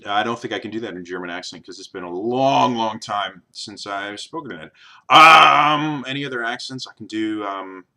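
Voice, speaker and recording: A man's voice: on the low side, normal speed, sharp tone. A man vlogging in a casual, rambling way, with many ums and uhs. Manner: rambling, many fillers and restarts. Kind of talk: casual vlog chat.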